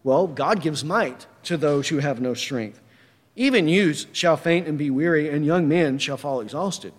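A man's voice: fairly high pitch, measured pace, in a large hall. A man preaching a sermon emphatically, reading verses and firing rhetorical questions.

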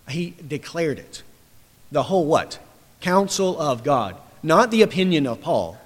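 A man delivers a sermon forcefully and emphatically, building to loud declarations before dropping low again. He is very animated but unhurried, and the sound has a big-room quality.

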